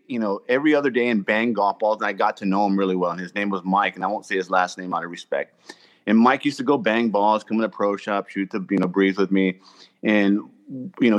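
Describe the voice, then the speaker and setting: A man who served in the army and works as a golf pro, telling a story in a casual chat and acting out what people said. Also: mid-range voice. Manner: animated storyteller, acts out quotes loudly.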